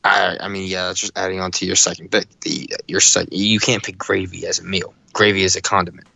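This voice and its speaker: A man's voice: sits low, level tone, fairly quick, gravelly, pushed and bright, no room sound. A man co-hosting a podcast in casual banter, blunt and dryly sarcastic.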